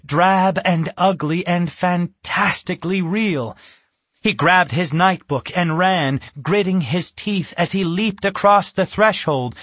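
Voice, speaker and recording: Slow, measured male narrator, husky, dry sound. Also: high voice, a bit bright, no echo. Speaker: audiobook narrator. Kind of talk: scripted narration.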